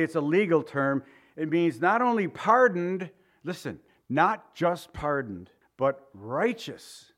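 A man preaching a sermon, telling stories with chuckles and acting out the voices of the people in them. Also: on the high side. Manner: animated storytelling with chuckles and acted-out voices.

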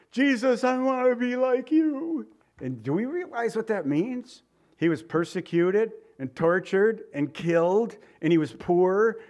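A man's voice: a little high, darkish tone. A man preaching a sermon in a conversational way, asking the congregation rhetorical questions and stumbling over his words now and then. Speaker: pastor.

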